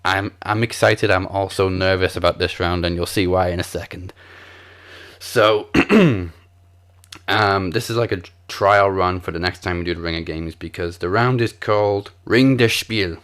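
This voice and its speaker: A man's voice: low-pitched, moderate pace, a bit bright. A man hosting a wrestling podcast quiz in casual chat, joking as he stumbles through foreign words. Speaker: podcast host running a quiz.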